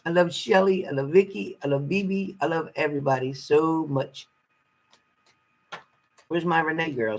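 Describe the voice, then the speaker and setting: A woman's voice: on the low side, slow pace, long pauses, fairly bright tone, rough recording. A woman giving a casual live-stream tarot card reading, chatty and salty, greeting viewers fondly and swearing freely.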